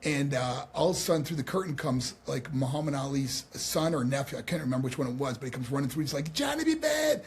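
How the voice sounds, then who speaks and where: A man as a podcast guest, telling stories in a lively, casual way with many fillers and restarts. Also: mid-range voice, fast talker, few pauses, husky. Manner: animated, lots of fillers and restarts. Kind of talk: casual interview storytelling.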